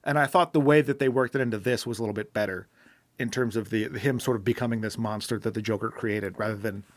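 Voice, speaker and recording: A man's voice: on the low side, fast talker, no room sound. A man co-hosting a podcast, chatting casually and rambling with many restarts. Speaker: podcast co-host. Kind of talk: casual chat.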